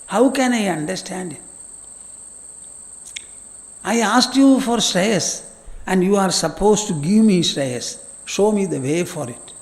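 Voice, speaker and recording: A troubled young warrior prince pleads with his charioteer for guidance, his high voice carried by a long reverb that trails into a large hall. The questions come slowly and earnestly, as an elderly man acts the prince out while teaching. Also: animated, darkish tone, exaggerated voice. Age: older.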